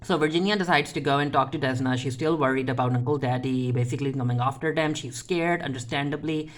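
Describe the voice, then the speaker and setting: Chatty TV recap vlogger. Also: medium pitch. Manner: retells scenes with quick paraphrased character quotes; chatty, with frequent fillers and restarts. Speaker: TV episode reviewer. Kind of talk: casual TV recap.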